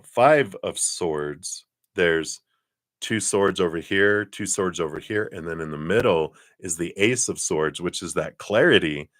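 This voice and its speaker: A man's voice: low-pitched, a bit bright, no echo, studio quality. A man giving a casual live-stream tarot reading, chatty and laughing often as he acts out little quoted lines. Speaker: tarot card reader.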